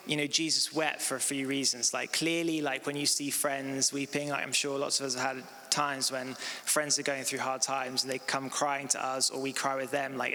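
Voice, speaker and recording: A man's voice: medium pitch, sharp tone. A man in his thirties giving a sermon in a church hall, talking casually with many "like" and "um" fillers. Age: 30s. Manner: casual, filler-heavy with frequent "like" and "um". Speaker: preacher. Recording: long reverb of a church hall.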